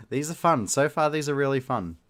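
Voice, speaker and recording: A man's voice: medium pitch, fairly bright tone. A man reading a short story aloud, with loose, chatty asides where he laughs at himself. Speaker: reader and host.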